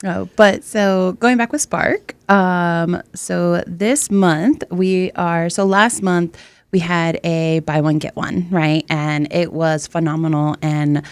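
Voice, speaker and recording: A woman's voice: on the low side, fairly even intonation, slow pace, clear, resonant tone, no echo. A woman guest on a casual live-stream talk show, playful and joking, laughing often.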